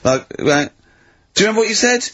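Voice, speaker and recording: A man's voice: sits high, very animated, quick pace, fairly bright tone, dry recording. A man co-hosting a radio show, telling teasing stories in casual studio banter and laughing often. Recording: dull lo-fi radio recording.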